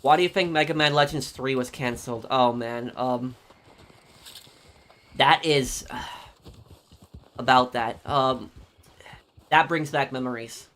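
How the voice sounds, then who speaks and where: A man chatting live with viewers on a game stream, rambling and halting, with many fillers as he answers their questions. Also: medium pitch, a bit bright. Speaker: gaming streamer.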